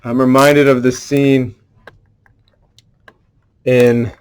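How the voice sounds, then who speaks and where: A man's voice: mid-range voice, level tone, extremely slow, a little mellow, smooth. A man livestreaming an emotional solo performance at home, talking in an earnest, intense way and swearing freely.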